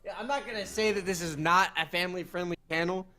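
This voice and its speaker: A man's voice: sits high, fast, pushed and bright. A man casting an esports match, joking around in dry, bantering asides. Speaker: esports caster. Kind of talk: casual esports commentary.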